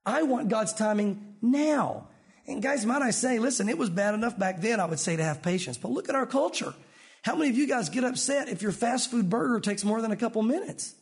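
A middle-aged man preaching a sermon, animated, acting out the voices of people in his story. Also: high voice, a little fast. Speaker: pastor.

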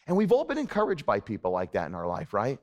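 A man's voice: fairly low pitch, huge pitch swings, fast talker. A man preaching a sermon to a congregation, talking in a casual, conversational way and checking in with "okay?" asides. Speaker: pastor.

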